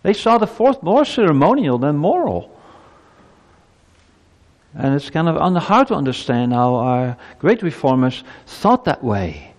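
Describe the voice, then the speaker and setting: A man's voice: a little high, very animated, measured pace, big-room sound. A male pastor preaching a sermon to his congregation, asking emphatic rhetorical questions. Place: church.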